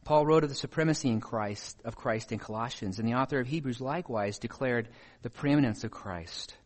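A man's voice: medium pitch, a little mellow. A man preaching a sermon, reading scripture passages aloud and asking his listeners pointed questions.

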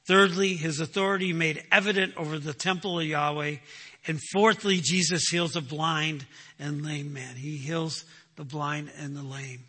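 High bright-voiced guy preaching in a church, bit husky, long hall echo. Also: steady tone, moderate pace. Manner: emphatic, asks rhetorical questions and answers them. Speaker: pastor. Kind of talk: sermon.

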